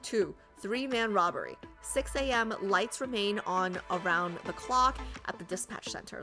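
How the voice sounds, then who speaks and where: A woman's voice: medium pitch, animated, measured pace, hardly any pauses, music in the background. A woman casually reading a game story aloud, breaking off for chatty, joking asides.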